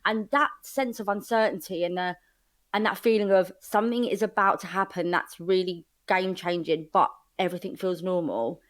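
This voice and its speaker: A woman's voice: on the low side, normal speed. Emotional woman in her thirties. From England. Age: 30s. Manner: emotional, open, rambling with likes and restarts. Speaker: podcast guest. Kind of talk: casual interview chat. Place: home flat.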